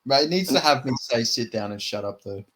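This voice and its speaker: A man's voice: medium pitch, lively intonation, a little fast, crowd noise. Laid-back American man chatting on a podcast. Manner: laid-back, laughing, swearing banter. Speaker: podcast co-host. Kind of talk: casual chat.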